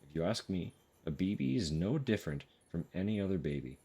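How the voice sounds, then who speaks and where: A man's voice: low voice, expressive, fairly quick, mellow, husky, full character voice. A man reading as an earnest veteran porter. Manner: earnest, confiding.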